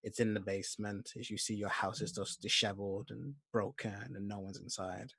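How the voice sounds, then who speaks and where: A man narrating as game master of a tabletop role-playing game, in a soft, measured voice. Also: on the low side, little pitch movement, vocal fry, husky, no room sound.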